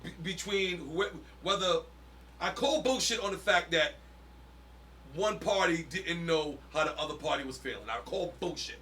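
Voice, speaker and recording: A man's voice: a little high, moderate pace, pushed and bright. A man co-hosting a podcast, arguing his point in an emphatic, insistent way with lots of swearing. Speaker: podcast co-host. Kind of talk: casual chat.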